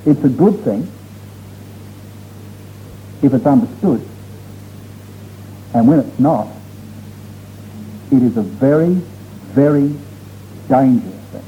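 A man's voice: medium pitch, animated, takes it slowly, pauses often. A man preaching a sermon to his congregation, earnest and emphatic, drawing out key words for stress. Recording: dull lo-fi recording with faint noise.

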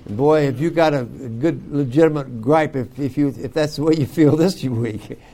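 An older man teaching a youth Bible school class, folksy and joking, with loud bursts for emphasis. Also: mid-range voice, moderate pace. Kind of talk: folksy devotional talk to youth.

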